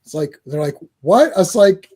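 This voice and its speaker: A man hosting a casual podcast chat, telling animated stories with many stammered restarts. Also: high-pitched, moderate pace, slightly rough. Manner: animated storyteller, stammering restarts, laughs often. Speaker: podcast host.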